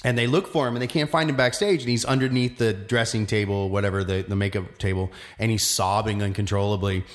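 A man's voice: fairly low pitch, steady tone, fast. Reflective man musing on performing. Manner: reflective, rambling, many fillers and restarts. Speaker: musician and actor. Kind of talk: casual chat.

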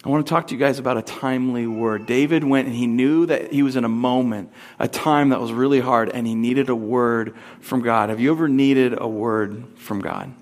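A man in his thirties preaches a sermon, casually telling a family story and breaking into high, squeaky voice impressions. His intonation is fairly even and his tone darkish, at normal speed with few pauses.

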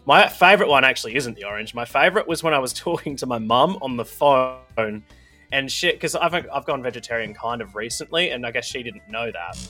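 A man's voice: mid-range voice, lively intonation, brisk, bright, forceful tone, soft background music. A young man co-hosting a podcast in casual chat, laughing often and poking fun at himself. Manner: laughs often, chatty and self-mocking. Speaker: podcast co-host.

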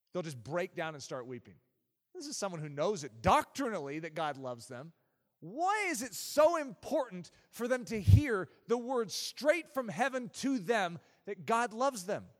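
Animated preacher man in a hall. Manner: animated, emphatic preaching with sudden drops to a low voice. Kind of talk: sermon.

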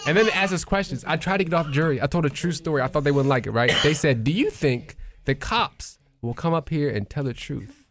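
A man's voice: on the high side, expressive, brisk, fairly bright tone. A man in casual chat with friends, animatedly retelling a story with acted-out quotes and profanity.

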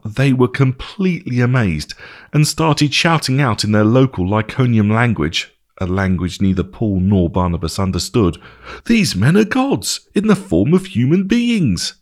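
Male narrator, deep and animated, scripted Bible storytelling with emphatic rises. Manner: expressive storytelling, rising for emphasis.

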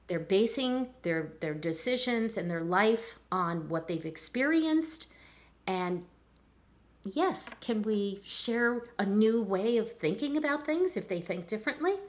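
An older woman, a chiropractor, talking in a relaxed interview and telling stories with lively acted-out voices. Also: medium pitch. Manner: animated storyteller, acts out voices in anecdotes. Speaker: chiropractor guest. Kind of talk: conversational interview.

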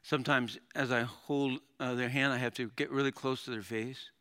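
A middle-aged male pastor preaching a sermon, animated, with dramatic readings and laughs. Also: medium pitch, moderate pace, clean tone.

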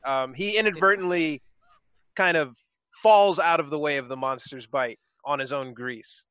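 Laid-back male player, slightly high voice, blunt and profane. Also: moderate pace, a bit bright, clear, resonant tone, dry recording. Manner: casual, loose, swears freely. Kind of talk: casual tabletop play.

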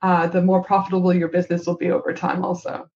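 A woman's voice: fairly low pitch, completely flat delivery, fast, darkish tone, lo-fi sound. A woman hosting a podcast as a business consultant, speaking emphatically, repeating points and adding "right?". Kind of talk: interviewer asking questions and coaching.

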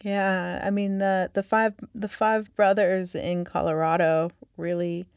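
Slow-spoken woman with a gravelly voice. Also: on the low side, little pitch movement, dry recording, studio quality. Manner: slow, measured and thoughtful. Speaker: podcast host. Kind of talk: reflective interview conversation.

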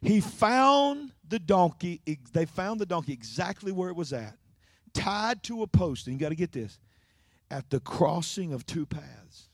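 A man preaching a sermon, his high voice leaping and dropping with great life. He calls out to the congregation and swings between loud declarations and hushed asides. The sound is dry and close. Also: sing-song, unhurried, no room sound.

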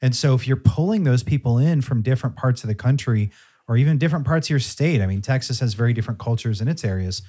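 A man's voice: mid-range voice, expressive, quick pace, mellow, husky. A man hosting a casual interview podcast, thoughtfully summing up his guest's points. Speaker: podcast host.

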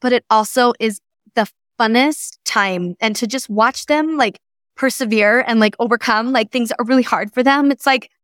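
A woman in her thirties hosting a casual chat, animated and full of fillers. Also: on the high side, moderate pace, clear, resonant tone, no room sound, clean studio sound. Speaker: host.

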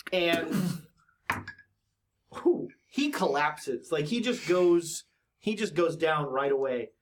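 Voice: medium pitch, lively intonation, slow, noisy background. A game master narrating a tabletop horror game, hesitant, with many fillers and restarts.

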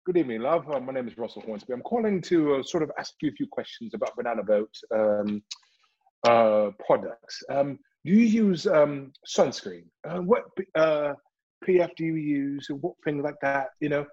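A man's voice: medium pitch, lively intonation, normal speed, a little mellow, breathy edge, highs cut off. A man voicing an overly polite British male telemarketer with a prim, formal British accent. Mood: genteel.

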